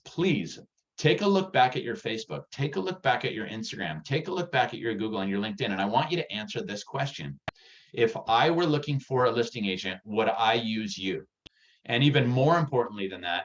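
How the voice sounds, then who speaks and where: A man giving a real estate sales workshop, energetic and direct, getting worked up as he talks. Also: medium pitch, dull audio. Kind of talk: workshop presentation.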